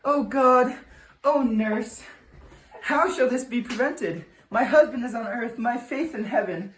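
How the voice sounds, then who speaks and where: A woman's voice: fairly high pitch, measured pace, slight background noise, lightly acted. A woman playing a desperate, defiant young noble daughter in an amateur Shakespeare reading, earnest and pleading. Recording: roomy echo.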